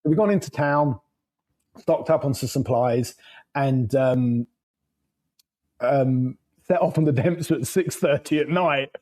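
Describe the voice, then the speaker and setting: A man's voice: medium pitch, slow pace, pauses often, a little mellow, low-quality recording. A man, a podcast guest telling road stories in a loose, rambling way, laughing and swearing as he goes. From England. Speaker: podcast guest, motorcycle traveler. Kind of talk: casual storytelling.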